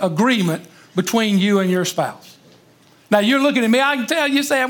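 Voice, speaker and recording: A high-pitched man preaches to a congregation in a church. He is emphatic and energetic, speaks straight to his listeners and stumbles over repeated words when fired up. His tone stays plain and conversational between the bursts of emphasis. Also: normal speed. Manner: emphatic, engages congregation directly. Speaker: pastor. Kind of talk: sermon.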